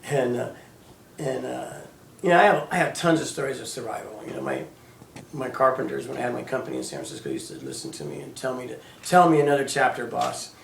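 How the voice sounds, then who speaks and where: A man in his fifties telling his own story as personal testimony, halting and sporadic, with many restarts. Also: mid-range voice, very animated, gravelly, slight background noise. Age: 50s. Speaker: storyteller recounting his own near-death experience. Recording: echoey room, voice heard from a distance.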